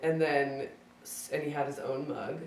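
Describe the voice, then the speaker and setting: A speaker telling a personal story in a casual, chatty way, acting out quoted dialogue and filling pauses with "like". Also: mid-range voice, little pitch movement, recorded from a distance. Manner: chatty, acts out quoted dialogue, many fillers of "like". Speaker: speaker sharing a memory at a gathering. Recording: roomy sound from away from the mic.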